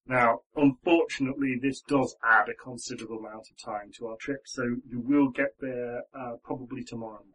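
A man's voice: mid-range voice, fairly even intonation, fairly quick, few pauses, a bit bright, husky, recorded from a distance, pitched below the performer's own voice, poor audio. A man voicing a train steward who apologises politely and hesitantly. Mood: apologetic.

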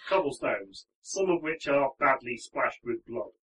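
A man's voice: medium pitch, lively intonation, measured pace, fairly bright tone, recorded from a distance, rough recording. Rambling man running a tabletop game. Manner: rambling, with frequent ums and restarts. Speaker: game master.

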